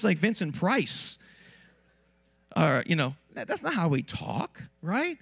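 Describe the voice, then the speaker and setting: A man preaching a lively sermon in a church with asides to the congregation, while he has a cold. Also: high voice, measured pace, gravelly, breathy edge. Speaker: pastor. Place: church sanctuary.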